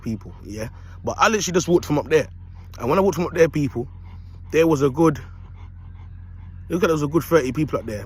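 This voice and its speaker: A man with a fairly high, slightly rough voice vlogs into his phone outdoors in a park. His casual motivational talk comes across as streetwise and preachy, and he keeps repeating "you get me."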